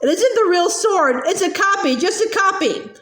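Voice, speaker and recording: A terrified teenage girl who sobs out her denials in a high, shaking voice. A woman reading an audiobook puts her on. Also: expressive, normal speed, fairly bright tone, reverberant. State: sobbing.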